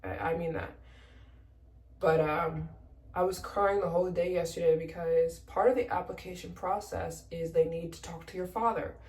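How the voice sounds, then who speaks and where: A woman's voice: on the low side, steady tone, normal speed, a little mellow, reverberant, recorded from a distance. A young woman from the United States, a travel vlogger telling a story in a casual, emotional way, close to tears and acting out both sides of her conversations.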